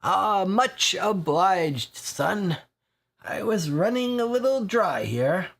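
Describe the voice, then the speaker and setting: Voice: mid-range voice, animated, slow, vocal fry, a bit bright, voice pushed up, full character voice. A board game player voicing a spindly, drably dressed older pub regular who rambles in a friendly way. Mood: rambling, friendly.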